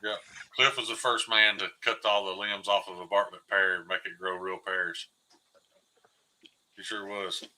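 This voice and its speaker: A man, a podcast guest joking in casual chat with deadpan irony. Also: on the low side, a little slow, pauses often, rough recording.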